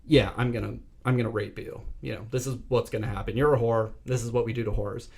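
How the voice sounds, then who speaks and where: A man's voice: mid-range voice, fairly even intonation, fast talker, vocal fry, a little mellow, slightly rough. A man putting on the voice of a creepy, sleazy male hunter while retelling a film, sneering and menacing.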